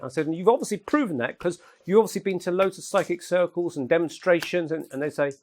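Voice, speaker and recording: A man telling anecdotes in a relaxed, chatty lecture, laughing at his own jokes. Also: high voice, fast talker, few pauses. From England. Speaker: speaker at a paranormal talk. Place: lecture room at an event.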